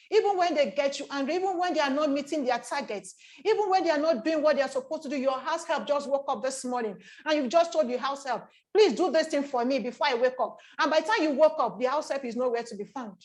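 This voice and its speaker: A woman's voice: high voice, fast, few pauses, a little mellow. A woman giving a motivational talk, repeating phrases and asking rhetorical questions. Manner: repetitive, rhetorical questions, acts out inner voices. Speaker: speaker on emotional intelligence.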